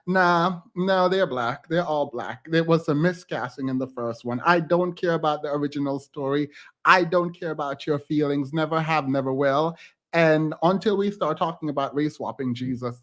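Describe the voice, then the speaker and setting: A man's voice: fairly high pitch, normal speed. A man hosting a reaction commentary channel, talking in a sassy, emphatic and dismissive way.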